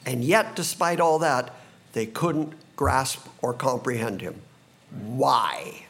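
A man preaching a sermon as a pastor, animated and expressive, sometimes acting out confused voices from the passage. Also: mid-range voice, unhurried.

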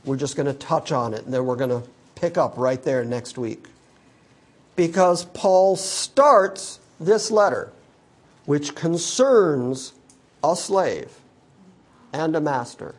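A middle-aged man preaching a sermon in an earnest way, slowing down and dropping his voice low to stress key points. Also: lively intonation. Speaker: pastor.

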